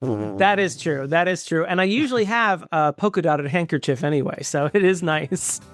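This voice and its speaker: Animated ranting podcast co-host, male. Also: on the high side, no echo, clean studio sound. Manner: exasperated, ranting, quick to laugh. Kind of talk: casual movie-review chat.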